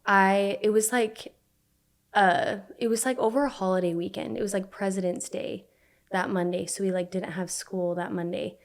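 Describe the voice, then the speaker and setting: A young Utah woman guesting on a podcast tells her story conversationally, speaking in halting bursts and saying "like" over and over. Her middle-range voice is creaky, with fairly even intonation.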